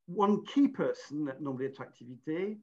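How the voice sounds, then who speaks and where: A man's voice: on the high side, lively intonation, brisk. A middle-aged man from England hosting an online webinar, chatty and self-deprecating, often restarting his sentences. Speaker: webinar host. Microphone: video call. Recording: muffled lo-fi video call audio.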